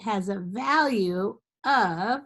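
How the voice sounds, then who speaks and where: A woman's voice: medium pitch, drawn-out words, a bit bright, husky. A woman teaching a step-by-step math lesson to young children, patient, with sing-song chants and frequent check-ins.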